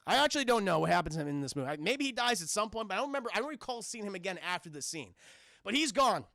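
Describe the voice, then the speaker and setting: A man's voice: high voice, big pitch swings, very fast, creaky, pushed and bright, no room sound, studio quality. A man streaming a casual scene-by-scene film recap to his chat, rambling and profane and often calling out to the viewers.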